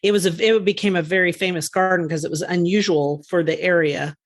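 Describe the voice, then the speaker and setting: A woman co-hosting a gardening podcast, chatting casually and enthusiastically, quick to laugh. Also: fairly low pitch, fairly even intonation. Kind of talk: casual chat.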